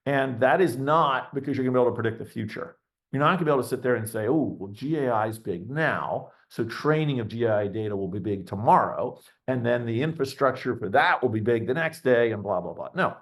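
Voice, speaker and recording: A man's voice: mid-range voice, expressive, a little fast. Blunt, ranting middle-aged man investor. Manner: blunt, ranting, acts out quoted voices. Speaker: venture capital investor, webinar guest. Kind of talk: candid conversational webinar talk.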